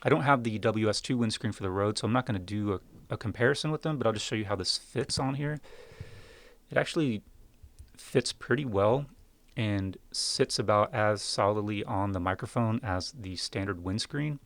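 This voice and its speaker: A man's voice: on the low side, normal speed, no room sound. A man reviewing podcast microphones in a casual, wry, step-by-step demonstration, speaking close into a studio dynamic mic at a home setup. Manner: relaxed, wry, explains step by step.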